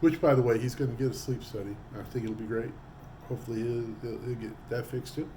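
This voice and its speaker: A man's voice: mid-range voice, fast talker, background noise. A man vlogging, telling a casual story with lots of energy and acting out what people said. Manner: animated, acts out quoted voices. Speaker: trucker vlogger.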